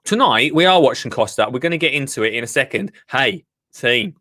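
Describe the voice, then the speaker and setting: A man's voice: medium pitch, animated, fairly quick, bright, forceful tone. A man hosting a live gardening show, chatting casually and rambling to his viewers. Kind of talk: casual live-stream chat.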